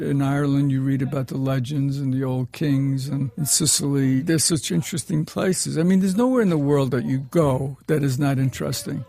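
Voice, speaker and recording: Man, raised voice with gravel, rambling storyteller, film director in interview. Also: fairly high pitch, darkish tone. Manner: rambling, digressive anecdote telling. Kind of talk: reminiscing interview answer.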